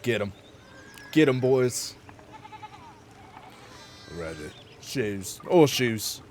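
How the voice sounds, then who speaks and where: A man voicing a busy village blacksmith in a video game with a rough put-on British accent, brisk and low. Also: very animated, a little mellow, slight background noise.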